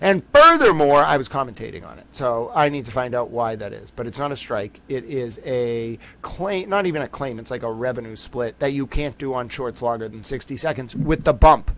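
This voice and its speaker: A man's voice: medium pitch, big pitch swings, moderate pace, few pauses, a bit bright. A man hosting a livestream of a trial, talking casually to his viewers in a rambling, jokey, self-mocking way. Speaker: livestream host commenting on a trial.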